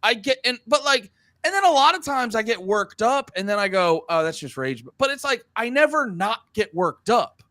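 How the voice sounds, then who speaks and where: Co-hosting a laid-back podcast, a man in his thirties rambles and swears freely, stammering as he keeps restarting sentences with animated energy. His pitch is extremely high and his speed normal. There's no room sound.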